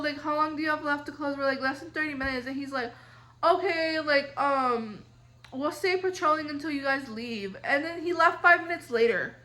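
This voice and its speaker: A woman's voice: high voice, bright, forceful tone. A young woman telling a story casually on her vlog, rambling with lots of filler words. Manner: rambling, many "like" fillers, upset recounting. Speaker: vlogger.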